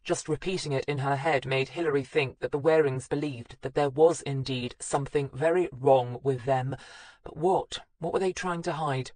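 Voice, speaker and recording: A woman narrating a crime audiobook in a measured, even reading. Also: rumbling low, no room sound. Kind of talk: scripted narration.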